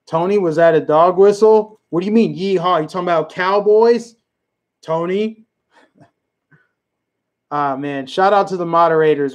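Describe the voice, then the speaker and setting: Emphatic man hosting a livestream. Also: a little high. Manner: emphatic and repetitive, chatting with the live chat. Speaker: livestream host. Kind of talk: political commentary livestream.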